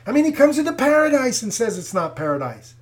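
A man's voice: very high voice, very animated, fast talker. An older man giving an emphatic, preaching commentary, repeating his phrases and calling his listeners folks. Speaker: Christian commentator.

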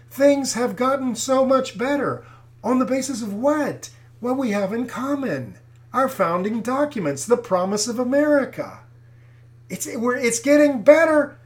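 An older man giving an emphatic, preaching commentary, repeating his phrases and calling his listeners folks. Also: very high voice. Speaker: Christian commentator.

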